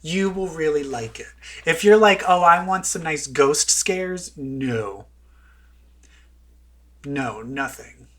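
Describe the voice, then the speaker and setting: A man's voice: a little high, lively intonation, takes it slowly, a bit bright. A man co-hosting a podcast in casual chat, rambling and breaking off his own sentences. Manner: rambling, self-interrupting, chatty. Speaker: podcast co-host.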